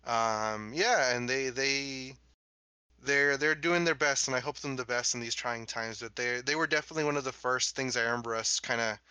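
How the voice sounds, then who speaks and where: Young male co-host, relaxed filler-heavy chat, bright edge, dry booth sound. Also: mid-range voice, clear, resonant tone, no echo, poor audio. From Los Angeles area. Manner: laid-back, many fillers, quick bursts. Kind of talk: casual chat.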